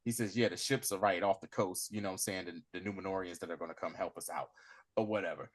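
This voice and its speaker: A man hosting a podcast, casually recapping a TV episode and acting out the characters' lines in a slangy, animated voice. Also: low voice, fast. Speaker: podcast host.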